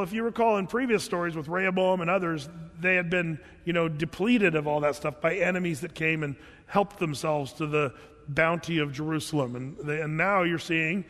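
A man teaching from the Bible in a casual, conversational sermon style, animated and acting out the people he quotes. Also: high voice, long reverb tail.

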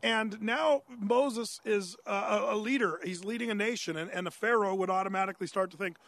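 Here a high-pitched man delivers a conversational sermon on a Bible passage, asking the questions his listeners might raise and answering them. He's brisk and a bit bright, with frequent "uh"s and restarts, and the audio has no echo.

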